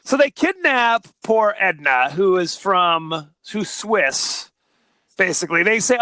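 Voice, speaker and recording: A man co-hosting a relaxed movie podcast, talking in a high, bright voice. He jokes his way through scene recaps with playful mock quotes. The sound is close and dry. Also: slow pace, no room sound. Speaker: podcast co-host. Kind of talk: casual movie discussion.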